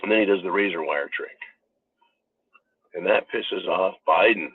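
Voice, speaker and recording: A man's voice: low voice, normal speed, slightly rough. An American man giving a political commentary monologue, emphatic and profane, ranting as the host. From United States. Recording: phone-like narrow band.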